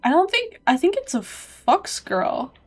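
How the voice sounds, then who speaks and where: A woman streaming a video game, reacting loudly and excitably, swearing freely and calling out "bro" while game music plays behind her. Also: high voice, a little slow. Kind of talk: gameplay commentary.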